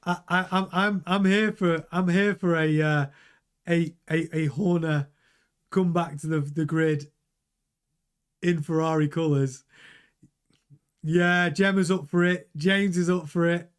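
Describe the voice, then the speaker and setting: Reading through his live chat, this middle-aged stream host talks casually and with energy, frequently repeating himself and starting sentences over. His voice is a little high and clean, a touch slow, with frequent pauses.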